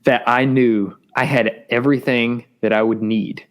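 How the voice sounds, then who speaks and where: A man earnestly telling a personal testimony in an interview, halting and repeating words, his voice rising as he gets intense. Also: mid-range voice, steady tone. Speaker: guest sharing testimony.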